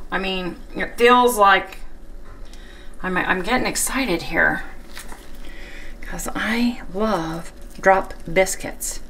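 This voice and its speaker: A woman hosting a casual home cooking demonstration in her kitchen, chatting to viewers as she works and repeatedly saying how excited she is. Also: mid-range voice, slight background noise. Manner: chatty, talks straight to viewers as "you guys". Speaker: home cook and channel host.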